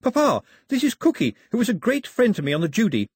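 A man voicing a spirited young girl, eager and quick to speak, in an audiobook reading. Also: high voice, huge pitch swings, a little mellow, breathy edge, no room sound, studio quality, pitched above the performer's own voice, exaggerated voice. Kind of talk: audiobook character voice.

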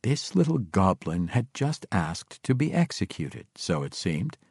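A man narrating a fantasy novel in expressive storytelling style. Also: deep voice, measured pace, gravelly, slightly rough, no room sound, studio quality. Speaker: audiobook narrator.

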